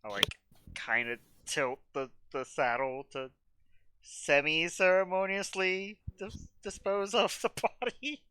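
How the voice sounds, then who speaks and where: A man's voice: high-pitched, fairly even intonation, takes it slowly, bright, forceful tone, smooth, no room sound. A man playing in a tabletop game, joking bluntly and swearing casually. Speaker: player.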